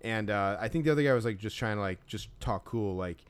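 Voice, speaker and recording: A man's voice: on the low side, brisk, smooth. A man in casual chat, rambling with lots of fillers and restarts. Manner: rambling, filler-heavy, mimics others' voices.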